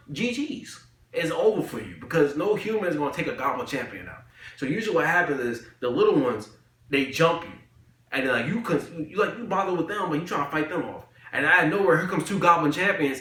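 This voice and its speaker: A man's voice: on the high side, pushed and bright. A young man reviewing an anime in casual chat, rambling with lots of slang and fillers. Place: room, recording a video. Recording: echoey room.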